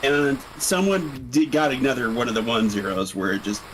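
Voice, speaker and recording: A man's voice: mid-range voice, fairly even intonation, moderate pace, a bit bright, slight background noise, low-quality recording. A man co-commentating a game tournament livestream, speaking casually and hesitantly with many fillers.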